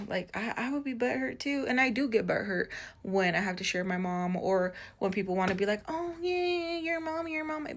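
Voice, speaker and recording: A young woman recounting a personal story in a casual storytime vlog. She talks in a loose, chatty way, peppered with "like". She slips into quoted dialogue and curses without holding back. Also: mid-range voice. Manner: chatty, full of "like", acts out quoted dialogue, swears freely. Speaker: vlogger telling a personal story.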